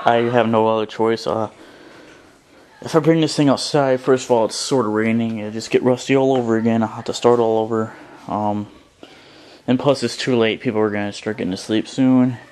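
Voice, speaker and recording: A man casually explaining his rust-removal project, rambling and halting with lots of fillers and the odd curse, recorded in a garage. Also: on the low side, darkish tone. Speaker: DIY vlogger. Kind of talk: casual how-to commentary. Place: garage with a car, indoors.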